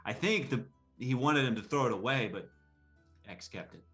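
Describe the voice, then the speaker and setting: A man's voice: mid-range voice, expressive, moderate pace, sharp tone, soft background music. A man playing a tabletop game, enthusiastic in casual chat. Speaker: player.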